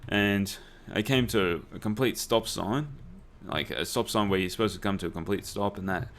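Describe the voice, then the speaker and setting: Young aussie bloke chatting over a game, kinda low voice, rambles and swears a lot. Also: male voice, normal speed, fairly bright tone, slight background noise. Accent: Australian. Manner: rambling anecdotes full of swearing and fillers. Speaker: gaming YouTuber. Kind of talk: casual let's play storytelling.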